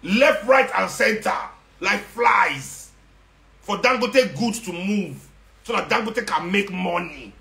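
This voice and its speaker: A high-voiced Nigerian man rants with sarcasm and rising indignation, slipping into Pidgin as he goes. His voice rings around an echoey room. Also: lively intonation, slow, creaky, bright, forceful tone. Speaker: social media commentator. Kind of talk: impassioned monologue.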